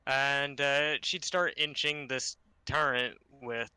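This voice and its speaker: A man's voice: mid-range voice, fairly even intonation, slow pace, pushed and bright, clean tone, no room sound. A man describing his character's actions in a tabletop game, loose and full of fillers. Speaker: player. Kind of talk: casual role-play talk.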